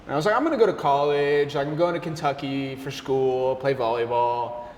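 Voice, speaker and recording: A young man, a barista, telling a story in an animated, slangy way, his voice jumping up when he gets excited. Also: medium pitch, brisk, a little hiss or hum. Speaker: barista and café worker. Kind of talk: casual storytelling chat. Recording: roomy echo with long reverb, faint ambience.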